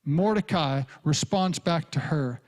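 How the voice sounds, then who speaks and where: Rich: A male pastor, preaching with animated storytelling. His voice sits on the higher side, and he slips into the characters as he goes. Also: a little slow. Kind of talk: sermon.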